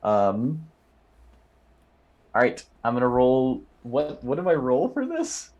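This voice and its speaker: A man playing a tabletop game, making deadpan jokes and asking about rolls. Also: mid-range voice, slow, muffled recording. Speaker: player.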